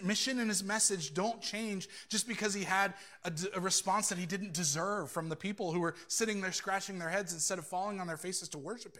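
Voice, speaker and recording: A man's voice: sits high, bright, forceful tone. A man preaching a sermon as pastor, telling the story with animation and acting out the voices he quotes.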